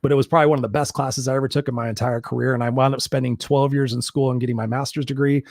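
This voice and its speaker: A man's voice: medium pitch, little pitch movement, rapid-fire, a little mellow, dry recording, clean studio sound. A man who works as a life coach, guest in an interview, telling his story bluntly and candidly, with some swearing.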